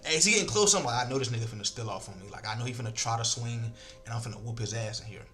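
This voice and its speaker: A man's voice: medium pitch, very fast, faint music behind. A man casually telling a story to his viewers, acting out the lines of the people in it and swearing freely. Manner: animated, acts out quoted lines, swears freely.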